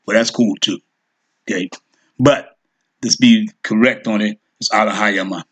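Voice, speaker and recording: A man giving an informal lesson, thinking aloud as he clicks through reference software and checks in with "okay" and "all right". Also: on the low side, fairly even intonation, measured pace, breathy edge. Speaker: teacher. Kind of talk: screen-share lesson.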